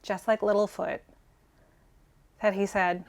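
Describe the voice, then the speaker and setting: A woman's voice: medium pitch, little pitch movement, slow pace, gravelly. Sentimental woman in her forties gushing. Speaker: collector co-host. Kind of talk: casual vlog storytelling.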